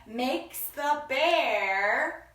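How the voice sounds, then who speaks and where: A woman hosting a children's story time, reading picture books aloud in an expressive sing-song way with gasps and acted voices. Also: high-pitched, extremely slow, slight background noise. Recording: echoey room, from far off.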